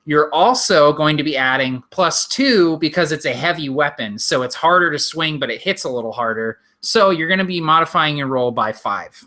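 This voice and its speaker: A young man runs a tabletop game in a bright, forward voice. He explains the rules briskly and narrates the action with frequent laughs. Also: fairly high pitch, animated. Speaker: game master.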